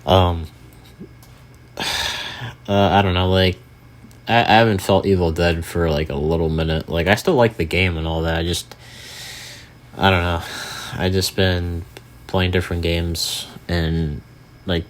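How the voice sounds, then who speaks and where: Young male gaming host with a very deep voice; loose, rambling commentary full of fillers and casual cursing. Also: steady tone, measured pace, long pauses.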